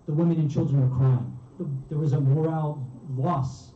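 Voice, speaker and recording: A man's voice: on the high side, moderate pace, mellow. A man giving a sermon, narrating a story in a vivid, emotional way in a community religious hall. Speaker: speaker. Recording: roomy, distant, dull hall recording.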